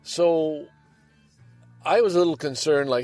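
A man's voice: medium pitch, lively intonation, measured pace, darkish tone. An older man rambles through a casual podcast monologue from his home, his voice sitting in an ordinary middle register. He drifts between heavy and lighthearted, with faint music behind him. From Canada. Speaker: podcast host. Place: home, by a window.

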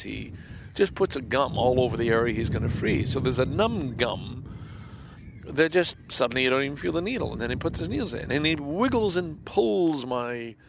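A man with a gravelly, fry-edged voice speaks in a confessional monologue. He halts, repeats words, and lets his sentences sink into soft near-whispers. His pitch sits in an ordinary middle range. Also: noisy background. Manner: halting and repetitive, trailing off into soft near-whispers.

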